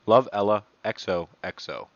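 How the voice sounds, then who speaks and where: A man's voice: lowish voice, moderate pace, no echo, lo-fi sound. A man casually reads online messages aloud and adds profane, mocking asides between them. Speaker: commentator reading online posts. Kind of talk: casual reading and commentary.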